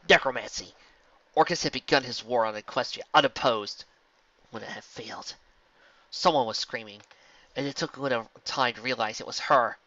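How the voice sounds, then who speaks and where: A man narrating fan fiction in a steady, earnest storybook reading. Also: mid-range voice, dry recording, lo-fi sound.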